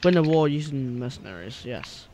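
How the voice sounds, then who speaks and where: A man's voice: medium pitch, animated, normal speed, dark tone. A man hosting a casual let's-play, swearing often, laughing and teasing his friend. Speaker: gaming channel host. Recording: noisy home recording.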